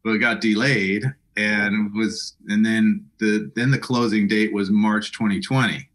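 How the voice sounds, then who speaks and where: A man's voice: lowish voice, steady tone, unhurried, a bit bright. A middle-aged man talking as an interview guest, often restarting and repeating words as he tells his story. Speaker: guest, apartment broker. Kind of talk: casual interview conversation.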